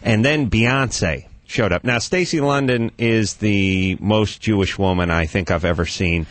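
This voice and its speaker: A man's voice: lowish voice, measured pace, dry recording. A man hosting a comedic radio talk show, riffing and slipping into exaggerated impressions.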